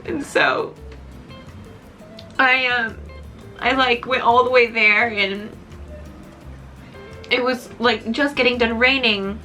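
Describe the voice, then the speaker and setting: A woman's voice: fairly high pitch, fairly even intonation, slow, long pauses, sharp tone, faint music behind. A young woman vlogger telling a personal story in a chatty, casual way, full of "like", tearful at moments. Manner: chatty, heavy use of "like", emotional at times.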